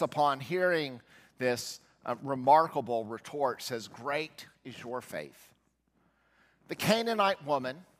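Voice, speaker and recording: A male pastor preaching a sermon, telling a Bible story and voicing its characters as he goes. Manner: storytelling, voicing quoted figures with shifts in pitch and loudness. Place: church sanctuary. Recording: long church reverb.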